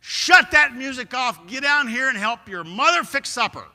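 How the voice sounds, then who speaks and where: A man voicing a bossy middle-aged father who barks orders loudly and in a hurry. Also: high voice, smooth. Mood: commanding. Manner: loud, commanding, hurried. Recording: echoey church hall.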